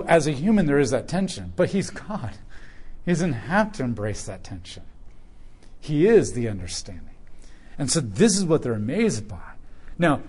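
A man's voice: mid-range voice, darkish tone. A man teaching a Bible passage verse by verse, speaking informally and conversationally, with plain slang.

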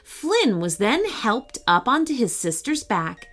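A woman gently and expressively reading a children's bedtime story. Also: a little high, big pitch swings, slow pace, faint music behind.

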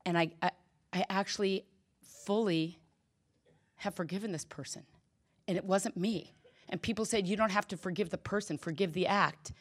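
A woman's voice: mid-range voice, moderate pace, long pauses. A middle-aged woman giving a candid personal testimony at a recovery meeting, telling stories and acting out the quoted dialogue.

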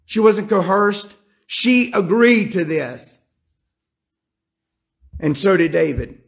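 A man's voice: high-pitched, expressive, takes it slowly, gravelly. A man preaching a sermon, emphatic and driving his points home with rhetorical questions.

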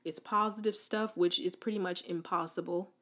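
A woman giving a casual, encouraging motivational talk, leading the listener through spoken affirmations with relaxed slang. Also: on the low side, normal speed. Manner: informal slang, fillers like "like" and "right?". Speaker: self-help speaker.

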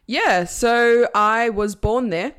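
A woman's voice: fairly high pitch, slow pace, fairly bright tone, clear, resonant tone. A woman, chatting casually as a podcast guest and laughing often. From Italy, raised in Australia.

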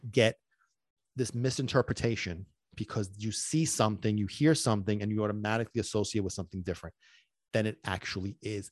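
A man's voice: on the low side, moderate pace, dry recording. A middle-aged man, a dog trainer hosting his podcast in casual talk, emphatic and repetitive, often asking whether listeners follow him.

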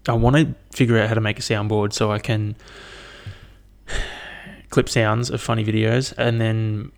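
A man's voice: fairly low pitch, level tone, unhurried, gravelly. A young man hosting a casual solo podcast, rambling and swearing with lots of fillers. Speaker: podcast host.

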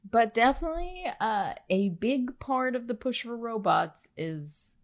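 A woman's voice: on the high side, animated, a little slow. A young woman co-hosting a casual chat podcast, chatty and laughing often as she explains things. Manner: laughs often, chatty, tries silly accents. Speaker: podcast co-host.

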